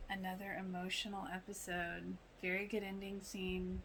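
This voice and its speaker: A woman hosting a casual reaction podcast, talking in a chatty, animated way with exclamations and quoted lines. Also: medium pitch, measured pace, a little hiss or hum, poor audio. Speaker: podcast host reacting to a TV show.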